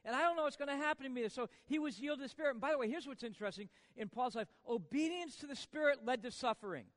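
A male pastor preaching a sermon, swinging from hushed to loud and tossing rhetorical questions at the congregation. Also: very high-pitched, fast talker, in a large hall.

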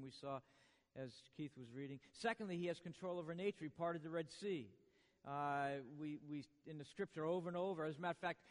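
A man preaching a sermon in a church, swinging from hushed lines to booming ones with joking asides. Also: big-room sound. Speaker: pastor.

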